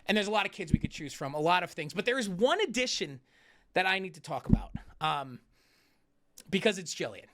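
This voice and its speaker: A man's voice: sits high, expressive, sharp tone. A man co-hosting a casual sports talk show, joking about himself in an upbeat way. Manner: fast, upbeat, self-deprecating joking.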